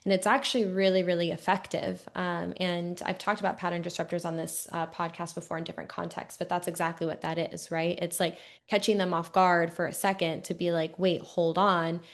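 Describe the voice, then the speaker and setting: A woman's voice: fairly low pitch, flat delivery, a little fast, creaky, hardly any pauses. A young woman hosting a podcast, talking reflectively with many small fillers. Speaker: podcast host. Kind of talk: interview conversation.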